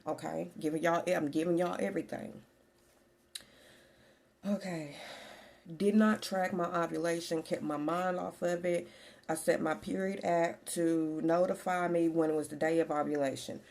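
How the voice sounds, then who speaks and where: A woman in her forties speaks candidly and in a chatty way to her vlog audience, looping back over her points. Her voice sits low and has a gravelly edge. The tone is dark and mellow. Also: steady tone, moderate pace. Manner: candid, chatty, repeats herself. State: slightly out of breath. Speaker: vlogger. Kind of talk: casual personal vlog.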